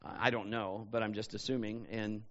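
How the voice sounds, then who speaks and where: A man's voice: fairly low pitch, little pitch movement, normal speed, big-room sound, muffled recording. A man preaching a sermon as a pastor, telling personal stories in a conversational way and often saying "you know". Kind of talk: sermon storytelling.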